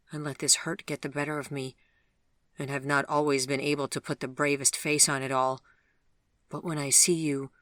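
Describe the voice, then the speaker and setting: Narrator voicing a gentle, regretful lonely man. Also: on the high side, no room sound. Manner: gentle, earnest, confessional. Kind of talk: audiobook dialogue.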